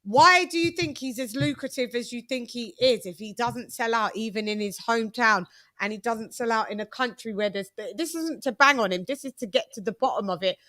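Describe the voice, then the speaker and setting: A woman's voice: a little high, a bit bright, no echo, studio quality. A British woman hosting a live boxing chat stream, talking casually and reading viewer messages. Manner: chatty, fast restarts, reads super chats. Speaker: boxing channel host.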